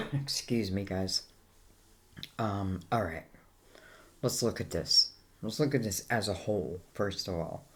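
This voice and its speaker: A woman's voice: very deep voice, slow pace, pauses often, fairly bright tone. An Irish woman giving a casual, rambling tarot reading, full of fillers like "you know" and "I feel like". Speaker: tarot reader.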